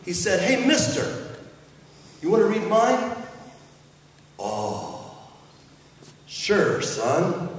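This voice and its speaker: A middle-aged man speaking as a chapel speaker to students, an animated storyteller who swings between hushed asides and shouted punchlines. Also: a little high, a little hiss or hum. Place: school chapel. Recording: roomy hall from far off.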